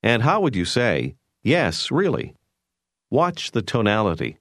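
Guy narrating a language lesson, low voice, lots of up and down, clear and measured. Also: wildly swooping pitch, fairly bright tone, no room sound, studio quality. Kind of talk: scripted instructional narration.

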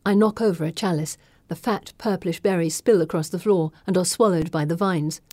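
A woman giving measured first-person audiobook narration. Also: on the low side, warm tone, no echo.

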